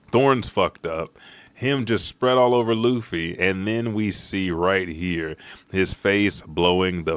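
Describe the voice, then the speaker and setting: Brief: male livestream host, low voice, profane, energetic play-by-play of comic panels. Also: clean tone, dry recording. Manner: profane, excitable play-by-play with sound effects. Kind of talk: live manga read-aloud and reaction.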